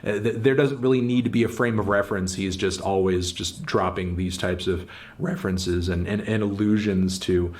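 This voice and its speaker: Low-voiced man giving a dry album review. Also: fairly even intonation, darkish tone. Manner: measured, dry critique. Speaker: music reviewer.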